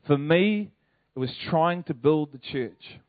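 Higher-voiced New pastor, tinny. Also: male voice, slow, no echo. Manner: animated, conversational preaching with rhetorical questions. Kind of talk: sermon. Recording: tinny phone-like, dry sound.

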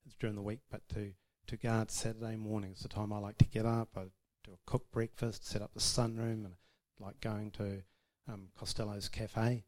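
A man's voice: lowish voice, little pitch movement, moderate pace, few pauses, a little mellow. Man, chatty church talk, self-deprecating, often laughing. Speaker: speaker sharing about marriage. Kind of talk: informal testimony to a church audience.

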